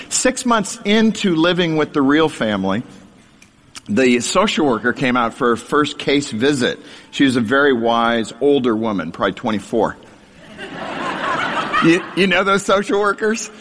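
A man's voice: mid-range voice, a bit bright, big-room sound. A man giving a sermon testimony, telling his childhood story with wry, self-deprecating humor. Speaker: speaker sharing his testimony.

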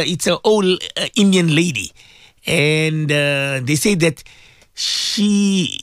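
A South African man hosting a radio talk show, speaking in impassioned commentary with emphatic repetition and frequent throat clearing. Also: on the high side, fairly bright tone, dry recording, clean studio sound.

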